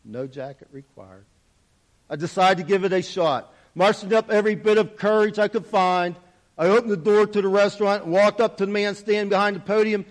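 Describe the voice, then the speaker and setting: A man's voice: sits high, fairly even intonation, brisk. Earnest man telling a dramatic parable. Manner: earnest, dramatic storytelling with wide swings in volume. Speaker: storyteller. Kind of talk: first-person spoken parable.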